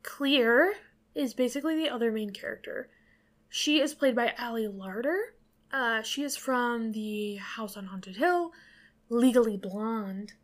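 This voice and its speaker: A woman co-hosting a podcast, recapping a movie in a rambling, casual way full of fillers and the odd swear. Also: on the high side. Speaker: podcast co-host.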